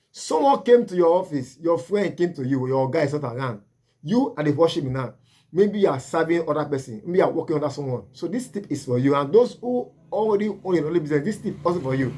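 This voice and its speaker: A man's voice: fairly high pitch, a little mellow, husky. A man with a Nigerian accent, a laundry business owner giving earnest, repetitive advice to camera.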